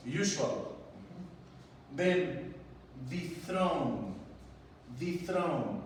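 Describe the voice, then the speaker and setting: A male English teacher, encouraging a class of children and spelling words slowly letter by letter. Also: high-pitched, very animated. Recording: echoey, distant mic with long reverb and faint room noise.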